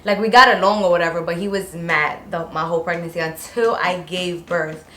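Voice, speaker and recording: A woman's voice: on the low side, fairly even intonation, fairly quick, bright, forceful tone. A young woman telling a personal story to her viewers in a casual, rambling way, with plenty of "like"s. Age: young adult. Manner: talks in long run-on rambles with many "like"s. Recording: echoey room with faint noise.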